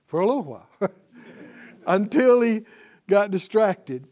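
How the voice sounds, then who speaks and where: A man's voice: sits high, sing-song, unhurried, long pauses, a little mellow. A man teaching a Bible class in a sermon style, punchy and exhorting, with call-and-response.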